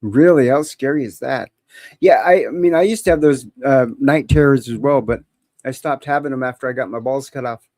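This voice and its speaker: A woman's voice: rumbling low, a little fast, dark tone, no room sound. A woman hosting a live call-in stream, joking in a bawdy, teasing way and laughing often.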